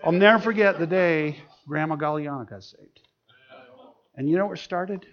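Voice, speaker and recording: A man preaching a sermon as pastor, telling a story in an animated way with laughter in it. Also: a little high, moderate pace. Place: church. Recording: dull lo-fi sound.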